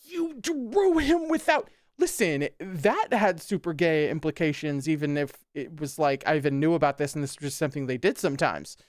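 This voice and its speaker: A man with a somewhat high voice reads a text aloud, then stops to react with sarcastic, exclamatory comments and casual swearing. The sound is dry, with no room echo at all. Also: fairly quick, few pauses. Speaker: host.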